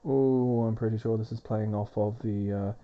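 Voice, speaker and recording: A man's voice: fairly low pitch, steady tone, moderate pace, muffled recording. A man giving rambling, wry, off-the-cuff game commentary while he soothes a baby. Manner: rambling, wry and chatty, swearing now and then. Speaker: gaming video host.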